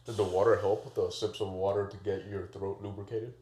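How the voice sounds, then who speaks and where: A man hosting a casual podcast chat, firing off quick follow-up questions and short interjections. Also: on the low side, level tone, warm tone. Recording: roomy echo.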